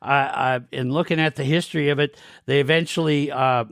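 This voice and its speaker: A man's voice: a little high, steady tone, a little fast, fairly bright tone, dry recording, clean studio sound. A man from western Montana hosting a podcast, asking questions in a friendly, casual way and often repeating words as he restarts. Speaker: podcast host. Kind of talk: casual interview chat.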